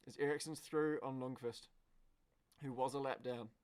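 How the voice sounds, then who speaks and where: A man commentating a car race live on a stream. He is excitable and swears, breaking into shouts at the screen. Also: medium pitch, moderate pace, clean tone.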